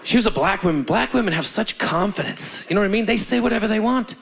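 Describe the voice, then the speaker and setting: Animated stand-up comedian, high lively voice. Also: male voice, fast, vocal fry. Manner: animated, acts out voices in his stories. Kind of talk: stand-up storytelling.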